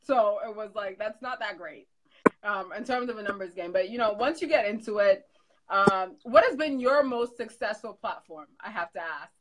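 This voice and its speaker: A woman hosting a casual live-stream chat, chatty and quick to laugh. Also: mid-range voice, expressive, heavy background noise. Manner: chatty, laughs often, quotes herself. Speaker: host.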